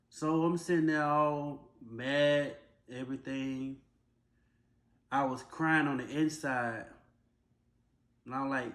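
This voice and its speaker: A young man, telling a personal story in a plain, casual, drawn-out way. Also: mid-range voice, fairly bright tone, roomy sound. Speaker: vlogger.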